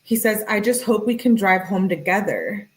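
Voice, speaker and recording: Brisk woman reading texts aloud. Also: mid-range voice, animated. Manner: brisk, matter-of-fact reading, tagging each message with he says or she says; talks directly to viewers in chat. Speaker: true-crime commentator. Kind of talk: reading text messages aloud with commentary.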